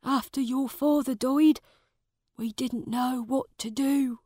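A woman's voice: high-pitched, fairly even intonation, takes it slowly, dark tone, no echo, studio quality, voice pushed up. A woman voicing a small, worried, loyal old manservant in a storybook reading.

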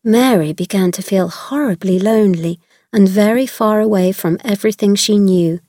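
Woman reading a storybook, steady and clear. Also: mid-range voice, no echo, studio quality. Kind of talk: scripted storybook narration.

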